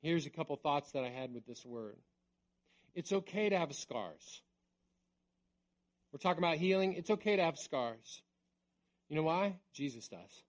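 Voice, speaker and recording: Man preaching a conversational sermon. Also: on the high side. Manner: conversational preaching, dropping to a hush on key words. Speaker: pastor.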